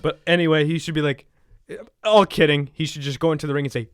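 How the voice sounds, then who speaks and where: A man co-hosting a casual wrestling chat, excitable and swearing freely, often laughing. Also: fairly high pitch, fast, smooth, dry recording, studio quality. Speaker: podcast co-host.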